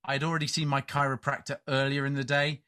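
Bright-voiced middle-aged man telling stories. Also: mid-range voice, level tone, fast talker. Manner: rambling storyteller, self-mocking. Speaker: podcast co-host. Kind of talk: casual banter.

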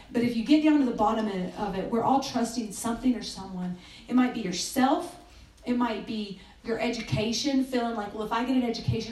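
A woman giving a conversational sermon. Her voice is higher than most but mellow, and it sounds distant and echoey in the room. She uses casual fillers and drops to a hush for quoted lines. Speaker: speaker at a church gathering. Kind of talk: sermon with a told story.

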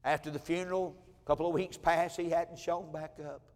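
A man's voice: fairly high pitch, level tone, a little fast, big-room sound. A man, a pastor telling a personal story in a sermon with heartfelt, emotional repetition. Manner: heartfelt, emotional telling with many repeated phrases. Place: church sanctuary.

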